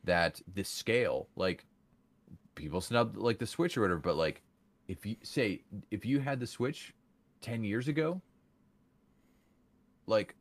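A man's voice: fairly low pitch, animated, a little slow, long pauses. A man in a casual podcast chat, talking with lots of fillers and restarts. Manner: filler-heavy, many restarts.

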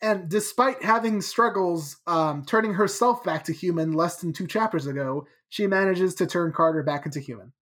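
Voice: medium pitch, moderate pace, few pauses, fairly bright tone. Chatty host recapping a chapter. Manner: chatty, playful retelling. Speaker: podcast host. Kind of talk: casual book-club podcast recap.

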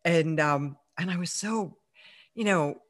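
A woman's voice: on the low side, slow pace. A woman as an interview guest, chatting through a personal story with plenty of fillers and easy laughs. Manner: chatty, many fillers, laughs while telling.

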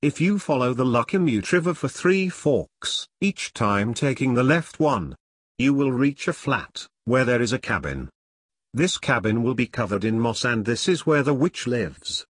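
Brief: man doing a grouchy little old pumpkin elf for a spooky storybook, husky and snappish. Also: mid-range voice, sing-song, a little slow, no echo, clean studio sound. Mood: gruff. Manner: angry, gruff old man voice.

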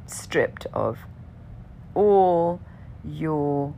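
A woman with a low voice and a gravelly, creaky edge tells a personal story in a relaxed way. She keeps checking in with "right?" and sometimes trails off into a soft whisper. A faint hiss sits under the recording. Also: normal speed, pauses often. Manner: conversational, often asks "right?", swears casually.

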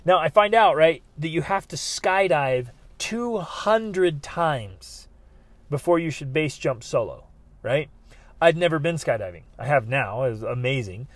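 Animated storytelling man with a dry close sound. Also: a little high, measured pace, dry recording. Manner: lively, voices the people he quotes. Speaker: speaker telling a personal story.

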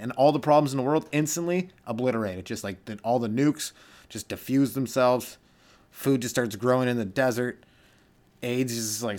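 A young adult man, a stand-up comedian hosting his own podcast, rambling through a solo comedic rant and slipping into goofy voices for his bits. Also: mid-range voice.

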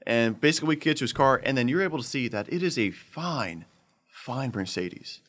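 A man telling a long story in casual chat, animated and laughing often as he acts out the voices of the people in it. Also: mid-range voice, normal speed. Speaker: podcast host telling a story.

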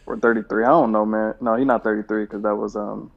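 A man's voice: lowish voice, level tone, fast talker, vocal fry. Laid-back man co-hosting a podcast. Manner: laid-back, rambling, swears freely. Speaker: podcast co-host. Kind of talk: casual chat. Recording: dull lo-fi sound.

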